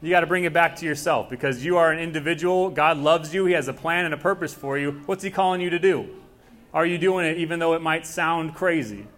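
A man's voice: fairly high pitch, brisk, fairly bright tone. Casual young male pastor preaching. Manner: casual, conversational preaching with acted-out dialogue. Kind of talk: sermon.

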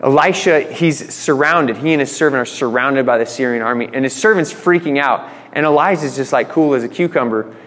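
A man's voice: medium pitch, brisk, hardly any pauses, fairly bright tone, big-room sound. A man preaching a sermon in a conversational way, retelling stories with voiced quotes. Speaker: pastor.

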